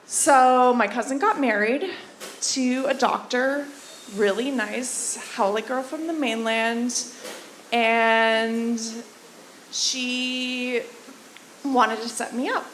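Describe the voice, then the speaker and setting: A young woman on a club stage tells a dating story as a stand-up comic, chatting with the crowd as she goes. Her voice is bright and a little high. The room is echoey, with a faint hiss in the background. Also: steady tone, measured pace. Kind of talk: stand-up comedy set. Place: comedy club in Hawaii.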